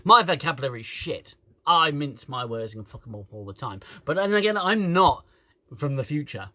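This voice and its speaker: A man's voice: mid-range voice, sing-song, moderate pace, pushed and bright. A man reviewing a show in an exasperated, sweary rant, stumbling over restarts, recorded on a camera phone. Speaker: YouTube reviewer.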